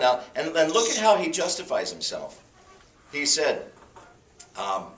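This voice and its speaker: A man preaches a sermon in an animated storytelling style, his slightly raised voice swinging up and down for effect. He sits well off the mic, and the hall's echo surrounds every word. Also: on the high side, a little slow, pauses often, slight background noise. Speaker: pastor. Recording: echoey hall from far off.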